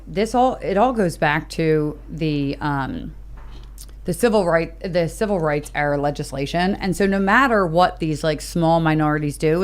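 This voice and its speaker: A woman co-hosting a political panel podcast, speaking casually and sprinkling her points with "like". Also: deep voice. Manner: casual, many filler "like"s. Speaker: podcast co-host.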